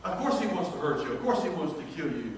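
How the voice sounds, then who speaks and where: A middle-aged man, preaching a folksy sermon in a storytelling manner and reading scripture slowly. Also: fairly high pitch, big pitch swings, slight background noise. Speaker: pastor. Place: large church sanctuary. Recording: very echoey church hall from far off.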